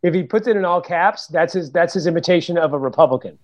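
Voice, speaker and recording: A man's voice: fairly high pitch, fast. A man co-hosting a casual podcast chat, joking with stammering asides. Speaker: co-host.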